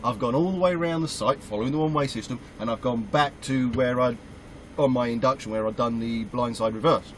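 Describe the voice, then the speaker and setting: A British man, a truck driver, telling a story about his work in a casual, animated way and acting out his own reactions. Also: mid-range voice, a little fast, a little hiss or hum, poor audio. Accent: British English. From United Kingdom.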